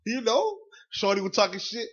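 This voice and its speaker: A man's voice: high-pitched, big pitch swings, moderate pace, fairly bright tone, husky. A man with a Southern US accent co-hosting a casual podcast, talking bluntly and profanely and rambling through stories. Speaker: podcast co-host. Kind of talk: casual storytelling chat. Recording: dull lo-fi audio.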